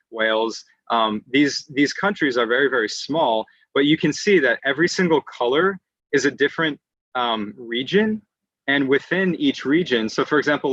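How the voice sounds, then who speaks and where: A man's voice: mid-range voice, pushed and bright, no echo. A man giving an online lecture on teaching English, explaining patiently with frequent restarts and "um"s. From United States. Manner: patient explainer who often restarts phrases and fills with "um". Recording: dry, slightly muffled online audio.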